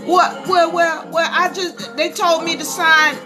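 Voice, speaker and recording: A woman's voice: little pitch movement, measured pace. A woman acting out a flustered jailed woman who stammers and complains about her arrest. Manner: flustered, stammering, high-pitched. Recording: live stream with music playing behind.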